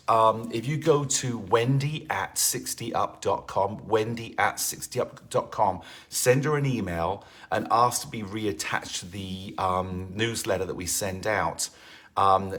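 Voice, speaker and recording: A man's voice: on the low side, a bit bright. A man leading a livestream fitness class, chatting casually with viewers and greeting them by name, with lots of fillers. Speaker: fitness instructor.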